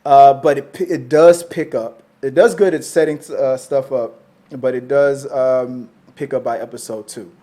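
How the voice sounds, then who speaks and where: A man hosting a casual movie chat show, rambling and animated, swearing freely. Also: mid-range voice, moderate pace. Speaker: podcast host.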